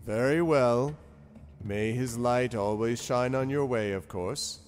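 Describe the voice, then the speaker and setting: A man's voice: medium pitch, darkish tone, faint music behind, lightly acted. Man doing a solemn devout temple guardian. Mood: courteous. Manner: formal, measured speech.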